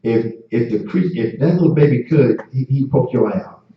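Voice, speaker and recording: A man's voice: mid-range voice, normal speed. A man teaching a class like a sermon, impassioned and repetitive, often stammering and restarting. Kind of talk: street-preaching class sermon. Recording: distant, echoey, dull lo-fi.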